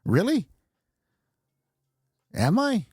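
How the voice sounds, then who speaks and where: A middle-aged man rants bluntly through his podcast monologue, cursing constantly and chuckling at his own lines. His voice is warm and mellow. The sound is dry, with no room echo. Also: sits high, huge pitch swings, drawn-out words, slightly rough. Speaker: podcast host. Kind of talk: profane ranting monologue.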